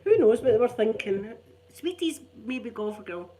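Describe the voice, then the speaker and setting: A woman's voice: a little high, expressive, moderate pace, very noisy. A middle-aged woman with a Scottish accent, rambling in casual chat as an ASMR channel host, chatty and self-mocking. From Scotland.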